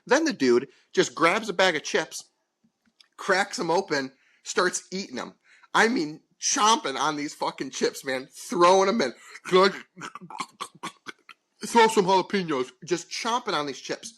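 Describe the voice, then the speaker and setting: A man rants through a story on a casual podcast, swearing freely and acting out the other voices in it. His voice is bright and sits a little high. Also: lively intonation, measured pace. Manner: profane, exasperated storytelling with voiced quotes. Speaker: podcast co-host.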